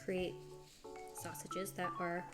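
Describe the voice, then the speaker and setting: Chatty woman cooking on a stream, music behind. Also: slow. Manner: chatty, thinks aloud, reads chat and answers it; bursts into high excited exclamations. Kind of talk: casual cooking stream chat. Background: background music.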